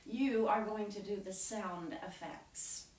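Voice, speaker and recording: A woman storyteller telling a story to children in an animated way and leading them in sound effects, recorded from a distance in a roomy space. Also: medium pitch, slow pace, a little hiss or hum. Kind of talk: live storytelling with audience participation.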